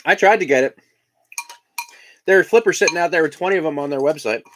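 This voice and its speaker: A man from Indiana, an adult parent of young children, hosts a casual live stream as a collector, chatting while he eats breakfast. His voice is a little high and his pace quick, with background noise present.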